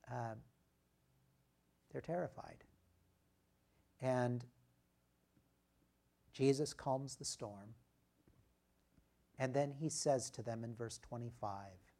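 Slow, deliberate preacher man. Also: mid-range voice, creaky, darkish tone. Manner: deliberate, emphatic teaching with rhetorical questions. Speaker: pastor. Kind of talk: sermon.

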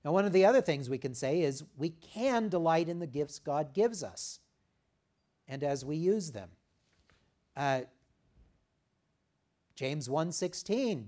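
A male pastor delivering a sermon, reading scripture and then explaining it conversationally with occasional "uh" pauses, rising for emphasis and dropping soft at the ends of phrases. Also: a little high, expressive.

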